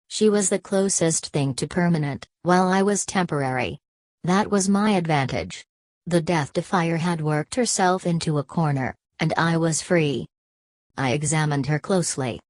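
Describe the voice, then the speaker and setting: Lady with a low voice reading a book out loud, steady pace, dry close mic. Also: dry recording. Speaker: audiobook reader. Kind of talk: first-person audiobook narration.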